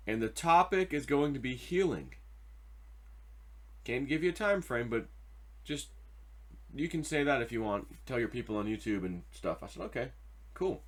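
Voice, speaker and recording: A man hosting his own commentary video, excitable and mocking, swinging from loud repeated outbursts to a low mutter. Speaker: host.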